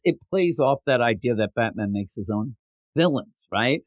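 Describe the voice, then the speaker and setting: A man's voice: medium pitch, expressive, moderate pace, no echo. A man co-hosting a comic book podcast in casual chat, laughing often and acting out characters' lines. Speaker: podcast co-host.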